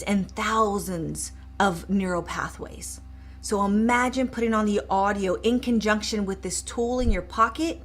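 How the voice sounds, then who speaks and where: A woman coach in middle age with an upbeat, encouraging way of talking. She speaks straight to her listeners and shifts to a softer tone for a brief eyes-closed exercise. Her voice sits at an ordinary pitch for a woman. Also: a little slow. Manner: upbeat, encouraging, talks directly to viewers. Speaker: mindset coach. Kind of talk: live coaching demonstration.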